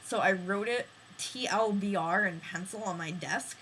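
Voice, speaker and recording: A woman's voice: medium pitch, normal speed, a little hiss or hum, poor audio. A young woman chatting casually on a vlog, telling blunt stories with lots of fillers. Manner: lively, blunt storyteller with many fillers.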